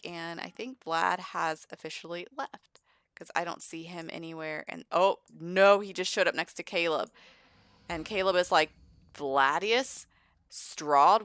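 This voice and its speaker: Lower-voiced woman, chatty let's play host narrating her game. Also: fairly bright tone, smooth, dry recording. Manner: chatty, storytelling. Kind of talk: casual game commentary.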